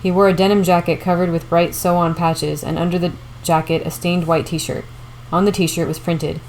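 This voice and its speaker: A woman reading a novel aloud as audiobook narration, steady and measured. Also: on the low side, a little hiss or hum, rough recording. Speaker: audiobook reader.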